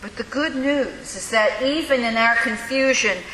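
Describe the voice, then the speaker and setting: A woman preaching a sermon in a church, telling the story with lively, acted-out voices. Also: a little high, unhurried. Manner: animated storytelling, acting out voices. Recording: echoey hall with faint hiss.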